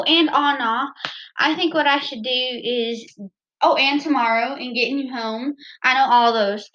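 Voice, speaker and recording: A woman's voice: fairly high pitch, a bit bright, dull audio. A woman with a Southern American accent chatting casually and ramblingly to her viewers about the songs she plans to sing. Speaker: vlogger singing covers.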